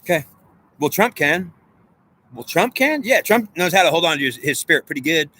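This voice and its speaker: A man rambles through a loose monologue, arguing with himself as his thoughts tumble out. His voice sits somewhat high and bright with a sharp, forceful edge. He talks at a quick clip. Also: lively intonation. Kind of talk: unscripted monologue; guided visualization.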